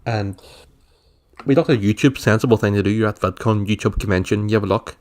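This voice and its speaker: A young Irish man with a low voice tells a story on a casual podcast. He laughs often and acts out other people's lines as he talks. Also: fairly quick, darkish tone. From Ireland. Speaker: podcast co-host. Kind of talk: casual chat.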